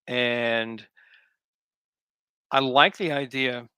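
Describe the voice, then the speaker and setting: Bright, clear-voiced man chatting about comics. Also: mid-range voice, fairly even intonation, extremely slow, no room sound. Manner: easygoing, thinks aloud with ums. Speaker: comics writer and publisher, guest. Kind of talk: casual interview conversation.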